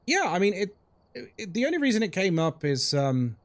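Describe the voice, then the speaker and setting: A man's voice: high-pitched, sing-song, normal speed, dry recording. A young man streaming a ghost-hunting game live, chatting casually with his chat while he plays and reacting to what happens in the game.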